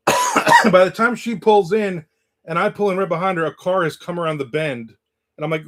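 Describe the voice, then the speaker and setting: Man, host, casual livestream chat, storytelling, slightly high voice. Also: wildly swooping pitch, normal speed, pauses often, a bit bright. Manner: storytelling, reads out chat comments. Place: in the American South.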